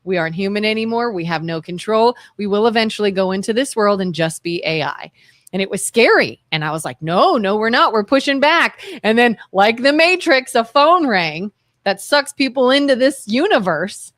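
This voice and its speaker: An American woman talks on a call-in show with an earnest, impassioned drive. She often restarts her sentences as her thoughts run ahead. Her voice sits at a middle pitch and sounds close and dry. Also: expressive, normal speed, no room sound. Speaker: co-host of a call-in talk show. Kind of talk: casual talk show chat.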